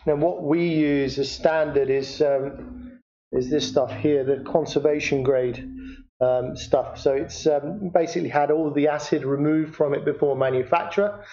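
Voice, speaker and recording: A man talking through a picture framing job step by step in a workshop, unhurried and hesitant, with many fillers. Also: on the high side, fairly even intonation, mellow. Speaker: picture framer demonstrating. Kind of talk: hands-on workshop demonstration. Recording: echoey room, dull lo-fi sound.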